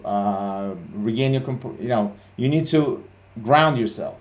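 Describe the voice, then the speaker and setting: A man's voice: mid-range voice, a little slow, hardly any pauses, darkish tone. A man hosting a trading livestream, talking bluntly and swearing a lot, with many fillers and restarts. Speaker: CEO and livestream host. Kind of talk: casual livestream talk.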